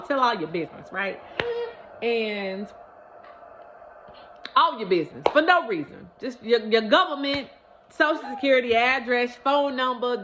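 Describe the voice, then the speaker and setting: Animated woman telling her testimony. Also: fairly high pitch, a little hiss or hum. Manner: animated, emphatic, talks straight to viewers. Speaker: vlogger sharing a testimony. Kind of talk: personal testimony storytelling. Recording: dull lo-fi recording.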